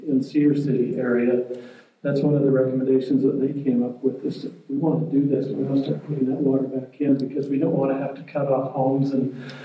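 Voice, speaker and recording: A man explains water rules at a public meeting, speaking in a plain, measured way and often restarting his sentences. His delivery stays flat and even. The recording is muffled and very roomy, taken from a distance. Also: medium pitch.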